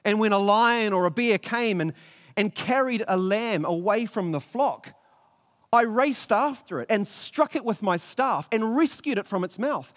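A man's voice: high voice, fairly bright tone, pitched above the performer's own voice. A man voicing a bold, fervent young shepherd who speaks in urgent, stammering bursts. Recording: long echoey reverb.

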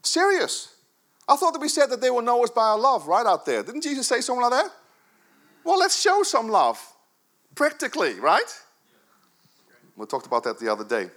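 Fifty-something pastor man preaching, bright voice, swoops way up and down, jokey. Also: very high-pitched, moderate pace, long pauses. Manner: animated, jokey, swings from loud to soft. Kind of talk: sermon. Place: church service.

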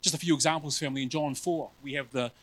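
A male preacher giving a sermon in an animated, self-mocking way, often calling his listeners family. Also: on the high side, fast, poor audio.

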